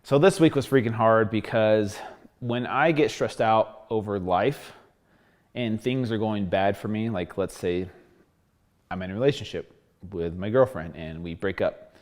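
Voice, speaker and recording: A man with a slightly low voice talks through his week in a loose, rambling video diary. He fills gaps with ums and you-knows, and he is a little short of breath as he goes. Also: measured pace, a little mellow. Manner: candid, rambling, many fillers. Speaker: fitness vlogger.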